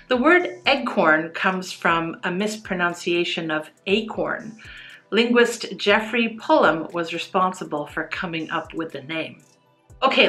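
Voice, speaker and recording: A woman teaching English in a clear, measured voice with a bright tone. She talks slowly and carefully, and soft music runs faintly under her voice. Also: medium pitch. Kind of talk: scripted educational explanation.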